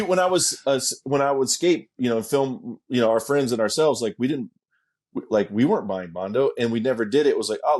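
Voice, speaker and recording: A man's voice: mid-range voice, a little mellow. Laid-back, profane middle-aged man. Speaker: interview guest. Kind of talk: casual storytelling.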